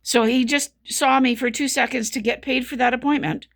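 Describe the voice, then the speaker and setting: This woman's voice sits high, with fairly even intonation, normal speed and vocal fry. In casual commentary, she tells her own story as a patient, sounding earnest and frustrated and repeating herself frequently.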